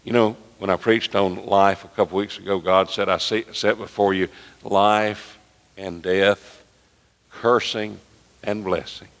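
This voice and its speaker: A man preaching a sermon as pastor, emphatic, with dramatic pauses and retold conversations. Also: lowish voice, fairly even intonation, fairly bright tone. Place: church sanctuary. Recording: echoey sanctuary with long reverb.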